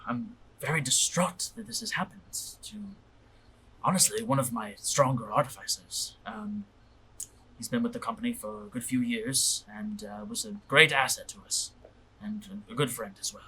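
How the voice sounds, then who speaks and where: A man's voice: fairly high pitch, big pitch swings, creaky, slight background noise, pitched above the performer's own voice, exaggerated voice. A man doing a posh British company man. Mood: reserved. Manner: formal, measured and quietly polite. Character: reserved upper-class British company man.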